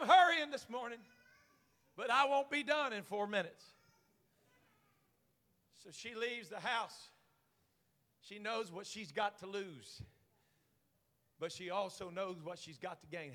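Male pastor, high bright voice, preaching in a reverberant church, dynamic swings from soft to shouting. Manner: swings from quiet to shouting, call-and-response preaching. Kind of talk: sermon. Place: church sanctuary.

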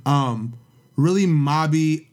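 A man's voice: fairly high pitch, slow pace, a little mellow. A young man from the Bay Area co-hosting a podcast, talking in casual slangy banter and laughing often. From San Francisco Bay Area. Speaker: podcast co-host.

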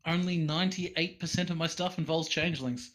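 A man's voice: a little high, steady tone, fairly quick, fairly bright tone. A man co-hosting a casual podcast, talking in a stammering, self-interrupting way. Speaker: podcast co-host. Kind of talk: casual chat.

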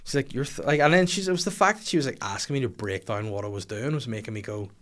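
A man, hosting a podcast and telling funny stories in a casual, swearing way. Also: fast talker. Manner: animated, swears a lot, puts on high squeaky voices for his daughter. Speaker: podcast host. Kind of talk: casual comedic storytelling.

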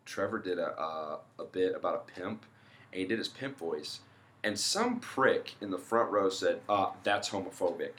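A male comedian hosting a podcast, talking casually and quickly when making a point. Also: sits low, big pitch swings, a bit bright. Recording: roomy echo.

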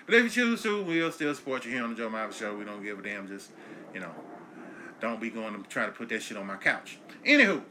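A man in his thirties hosting his own comedy podcast, ranting profanely and swinging between low mutters and loud yelling. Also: lively intonation, quick pace, a little hiss or hum. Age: 30s. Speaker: podcast host.

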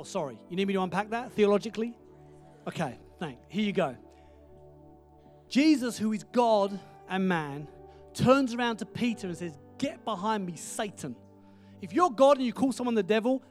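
A man preaching a sermon, telling stories with lively energy, dropping to a hush for quoted words and often asking "right?". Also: high voice. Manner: animated storytelling, asks the audience "right?".

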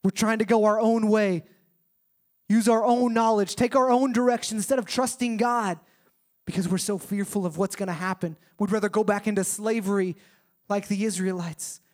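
A young man preaching a sermon in a conversational, animated storytelling way, acting out quotes as he goes. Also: high-pitched, moderate pace. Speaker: pastor.

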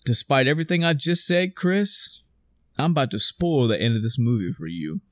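A man in his thirties, excitably talking in a casual chat, swearing freely and acting out scenes. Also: mid-range voice, normal speed, no room sound, clean studio sound.

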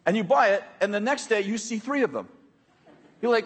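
An American man preaching with a husky, slightly breathy voice that sits high for a man. He keeps it conversational and joking and often turns to his listeners to check they follow. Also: lively intonation, brisk. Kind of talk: sermon.

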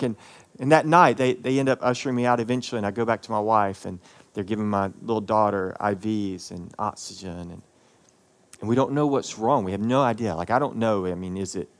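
A man, a pastor, preaching a sermon and telling a personal story in an earnest, emotional way, with many pauses and repeated words. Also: fairly low pitch.

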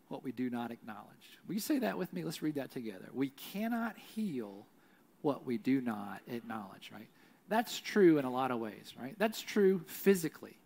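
A middle-aged man preaching a sermon in a conversational way, often adding "right?" and slowing to a hush on key lines. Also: medium pitch. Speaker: pastor.

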